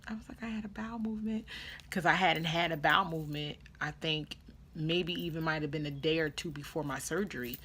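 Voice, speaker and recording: A young adult woman telling a story in a casual vlog, animated and dramatic as she acts out what people said. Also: low-pitched, fairly quick. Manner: animated, dramatic retelling with quoted voices. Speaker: vlogger.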